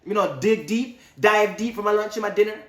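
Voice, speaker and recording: Man doing a retired spy gone Jamaican, Jamaican accent, singsong laid-back patois, raised high and loud, bright tone. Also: brisk, echoey room, recorded from a distance. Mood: carefree. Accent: Jamaican, put on. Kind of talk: comic impression in a review.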